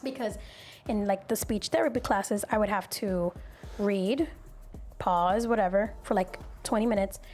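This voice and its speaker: Woman, young adult, podcast host, casual chat, animated storyteller, faint music under the voice. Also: mid-range voice, moderate pace.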